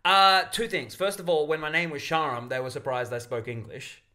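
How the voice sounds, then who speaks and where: A man with a bright, forward voice rambles through a self-mocking story, co-hosting a casual comedy podcast. His talk is loose and jokey, with quick asides. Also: fairly high pitch, fairly even intonation. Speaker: podcast co-host.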